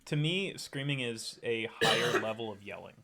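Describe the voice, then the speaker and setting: A man's voice: medium pitch, expressive, moderate pace, creaky, noisy background. A man in a casual podcast chat, chiming in with short, plain remarks. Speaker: podcast guest.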